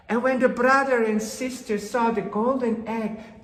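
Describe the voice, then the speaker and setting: A woman telling a folktale to children, dramatic and slow, with gasps and hushed asides. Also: a little high. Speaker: storyteller. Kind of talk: children's storytelling. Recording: roomy hall with long reverb.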